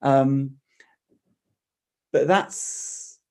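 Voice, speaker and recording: Man, mid-pitched voice, casual analytical chat, thinking aloud with restarts. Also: drawn-out words, dark tone. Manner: thoughtful, with frequent restarts. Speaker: podcast co-host discussing a play.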